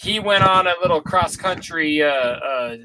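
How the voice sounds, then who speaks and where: A man's voice: a little high, animated, measured pace, background noise. A man co-hosting a podcast, chatting loosely and profanely with his friends. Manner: loose, profane, laughing banter. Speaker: podcast co-host. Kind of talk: casual chat.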